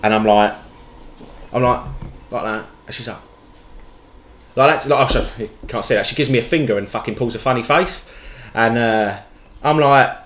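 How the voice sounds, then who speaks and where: A man's voice: medium pitch, moderate pace, long pauses, reverberant. A man, co-hosting a podcast and telling stories in casual, sweary chat. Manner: sweary, lively storytelling. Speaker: podcast co-host.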